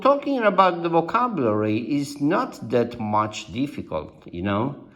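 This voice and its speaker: Slow-talking Italian-accented man teaching. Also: fairly high pitch, sing-song, a bit bright. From Italy. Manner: slow and deliberate, with many fillers and restatements. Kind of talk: slow language lesson.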